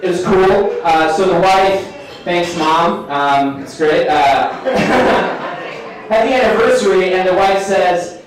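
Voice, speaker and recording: A man's voice: high voice, slow. A young man doing a self-deprecating live stand-up set on a bar stage, chatting with the crowd. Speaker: stand-up comedian. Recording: echoey bar room from a distance.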